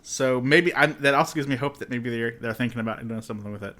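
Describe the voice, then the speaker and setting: A man's voice: mid-range voice, fast, sharp tone. A man co-hosting a casual podcast, easygoing, laughing often and answering briefly. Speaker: podcast co-host.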